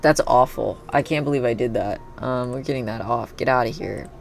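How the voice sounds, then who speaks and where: A streamer with a gravelly, creaky voice at a middling pitch, chatting casually while playing a game and thinking aloud. Faint music plays behind, with keyboard typing. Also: fairly quick. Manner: thinks aloud, chatty, bursts into excited cheering. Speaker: live streamer. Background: faint background music and keyboard typing.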